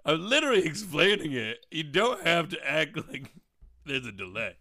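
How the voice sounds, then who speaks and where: A young man co-hosting a podcast, relaxed and teasing in his banter. His voice is bright and lively, and it is recorded dry on a podcast mic in a small room. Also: fairly high pitch, normal speed, dry recording. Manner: laid-back, teasing. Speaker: podcast co-host.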